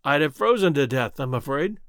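A sober, earnest young brother back from the north, voiced by a male narrator. The voice sits high for a man and moves freely. The delivery is close and dry. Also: very animated, normal speed, a bit bright, no echo, exaggerated voice.

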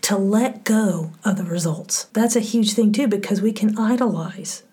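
Breathy, heartfelt woman podcast co-host. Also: mid-range voice, moderate pace. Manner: heartfelt, soft, drops into near-whispers. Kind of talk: casual faith podcast conversation.

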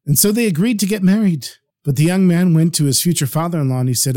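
A man narrating a spoken story with animated storytelling delivery. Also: on the high side, quick pace, few pauses.

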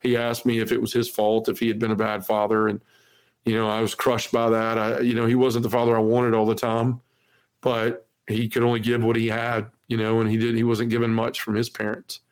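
Flat-voiced man telling his story. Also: lowish voice, brisk. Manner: earnest, heavy use of "you know"; acts out quoted dialogue. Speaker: podcast guest. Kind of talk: personal testimony storytelling.

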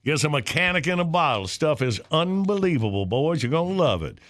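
A man's voice: a little high, big pitch swings, a little fast. A man hosting a morning radio show, bantering folksily and reading ads.

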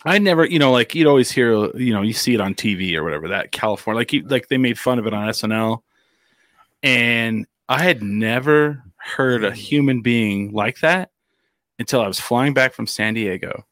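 A man co-hosting a podcast in casual chat, telling stories in an animated way and reacting quickly to the others. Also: medium pitch, dry recording, studio quality. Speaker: podcast co-host.

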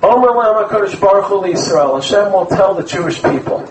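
A man delivers an animated, story-filled community sermon in a fairly high voice. His voice carries through an echoey room, picked up from some distance away with faint ambience behind it. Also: brisk, few pauses, slight background noise. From Brooklyn, USA. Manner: animated storyteller, mixes in Hebrew terms. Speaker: rabbi giving a community talk. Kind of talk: lively sermon-style lecture with stories.

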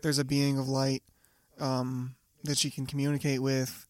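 A man's voice: mid-range voice, completely flat delivery, measured pace, darkish tone, no room sound. A young man co-hosting a podcast in casual chat, laughing often and swearing freely, feeling like he's getting sick. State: getting sick, off all day. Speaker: podcast co-host.

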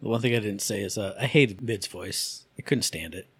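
A man co-hosting a video game podcast, talking in a wry, expressive way. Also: fairly low pitch, brisk, breathy edge, no room sound, studio quality. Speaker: podcast co-host. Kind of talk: casual chat.

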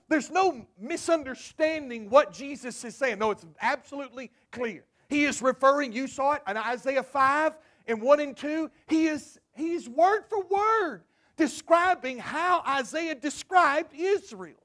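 A man's voice: extremely high pitch, moderate pace, a bit bright. A man preaching a sermon to his congregation, emphatic and storytelling. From United States. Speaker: pastor.

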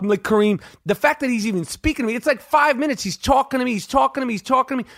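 A middle-aged man hosting a podcast, telling a rambling, profane story full of slang and excitement. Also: high voice, quick pace, hardly any pauses. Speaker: podcast host. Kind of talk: casual storytelling monologue.

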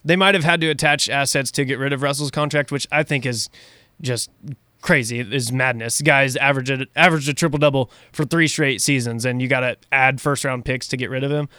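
Male co-host, opinionated and chatty, mid pitch, dry recording. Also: steady tone, fairly quick, pushed and bright, clear, resonant tone, no room sound. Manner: opinionated, repeats himself. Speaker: sports show co-host. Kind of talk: casual sports chat.

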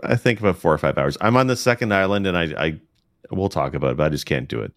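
A man's voice: deep voice, lively intonation, fast, no echo. A man co-hosting a gaming podcast, teasing in dry banter. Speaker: podcast co-host. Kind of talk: casual podcast chat.

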